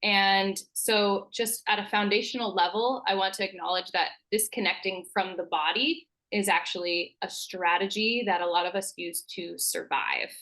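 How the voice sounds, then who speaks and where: A woman, a naturopathic doctor, calmly explaining her work as a podcast guest. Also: medium pitch, moderate pace, hardly any pauses. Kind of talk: interview answers.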